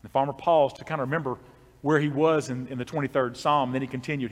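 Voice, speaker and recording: A pastor telling a long story in a sermon, in a conversational way with many restarts. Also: male voice, medium pitch, flat delivery, fast, in a large hall.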